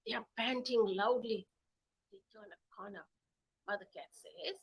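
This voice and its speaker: A woman with an Indian English accent telling a children's story in an animated, playful way. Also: fairly high pitch, a little slow, long pauses, husky, low-quality recording. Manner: animated, playful voices and sound effects.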